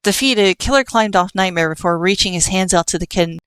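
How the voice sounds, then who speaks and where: A woman reading an audiobook in a steady storytelling manner. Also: medium pitch, fairly quick, clear, resonant tone, no room sound. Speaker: audiobook narrator. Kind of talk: scripted audiobook narration.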